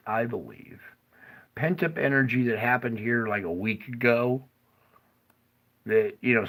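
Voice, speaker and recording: A man's voice: mid-range voice, a bit bright, rough recording. A middle-aged man casually explaining earthquake activity over a map, who keeps slipping into fits of laughter. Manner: slow, drawling, breaks into fits of laughter. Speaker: earthquake forecaster.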